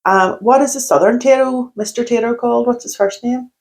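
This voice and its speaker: A woman's voice: on the high side, a little fast, a little mellow. A woman, co-hosting a casual chat podcast in a chatty, giggly way. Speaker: podcast co-host.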